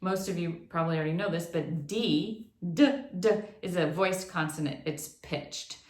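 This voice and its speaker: A woman's voice: lowish voice, moderate pace. Woman teaching singing in an echoey room. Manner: explanatory, breaks into sung demonstrations. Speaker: vocal instructor. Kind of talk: online singing lesson.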